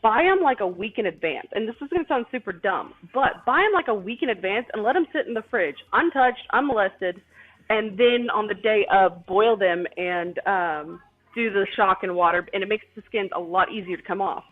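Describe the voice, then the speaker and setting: A woman's voice: mid-range voice, expressive, normal speed. Chatty woman cooking on a tinny stream. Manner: rambling, chatty, self-deprecating. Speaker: cooking livestream host. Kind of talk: casual chat while cooking. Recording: tinny phone-like stream audio with faint music.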